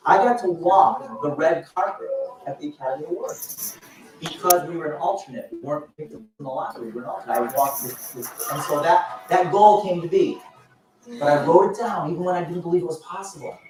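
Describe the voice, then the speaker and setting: A man in his fifties giving a motivational speech at a business event, telling stories in an animated way with frequent restarts. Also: fairly high pitch, a little fast, noisy background. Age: 50s. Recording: echoey hall, voice from far off.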